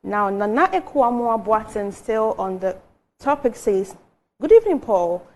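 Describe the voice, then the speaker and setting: A woman's voice: mid-range voice, very animated, moderate pace, a little mellow, slight background noise. A woman with a Ghanaian accent, a co-presenter reading viewers' messages aloud on a television show.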